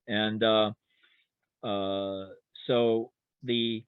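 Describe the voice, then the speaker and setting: A man's voice: fairly low pitch, level tone, drawn-out words, smooth, no echo. An older man, a historian guest in an academic webinar, talking hesitantly with many restarts and fillers over a video call. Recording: tinny phone-like line, dry.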